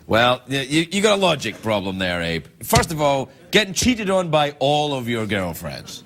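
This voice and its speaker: A man's voice: on the high side, huge pitch swings, normal speed, few pauses. A male late-night host rambling through jokes and viewer emails, often slipping into comic voices. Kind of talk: late-night comedy monologue. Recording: studio with loud audience.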